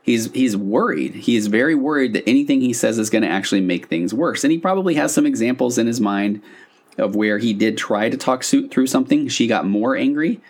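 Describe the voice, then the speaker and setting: A man's voice: mid-range voice, lively intonation, fairly quick, slightly rough. A man who works as a couples therapist, explaining a therapy concept to listeners in a loose conversational way, with fillers and restarts.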